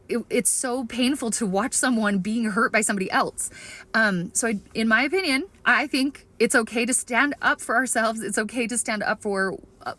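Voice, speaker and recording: A woman's voice: medium pitch, fairly bright tone. Earnest woman sharing an opinion on camera. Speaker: video creator. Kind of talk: opinion vlog talking to camera.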